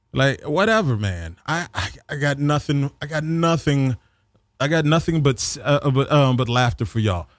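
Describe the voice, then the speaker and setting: A man's voice: on the high side, no room sound, studio quality. A man ranting in a mocking comic way, rambling with many fillers and restarts, and slipping into voices for the people he quotes. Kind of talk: comedic political rant.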